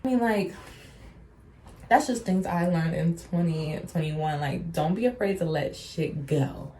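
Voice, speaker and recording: A woman's voice: on the low side, a little slow, mellow. Sassy, blunt young woman vlogger. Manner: blunt, sassy and profane, calls viewers honey. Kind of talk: casual get-ready-with-me chat.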